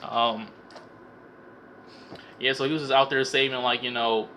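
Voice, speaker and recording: A man's voice: medium pitch, fairly even intonation, unhurried, pushed and bright, a little hiss or hum. A young man recapping a film for his vlog in a rambling, profane way, stammering and repeating words as he goes. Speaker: vlogger reviewing a film. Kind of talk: casual profane comedic movie recap.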